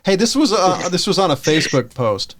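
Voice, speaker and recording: A man co-hosting a podcast in loose, casual chat. His voice sits a touch high, and his delivery is dry and wry as he drops bits of trivia into the conversation. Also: very animated, fairly quick, a bit bright, slight background noise. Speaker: podcast co-host.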